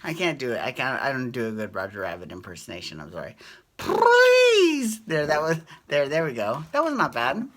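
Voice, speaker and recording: Low, bright-toned woman host, casual chatty recap, laughs and swears easily. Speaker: podcast host recapping reality TV. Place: Las Vegas.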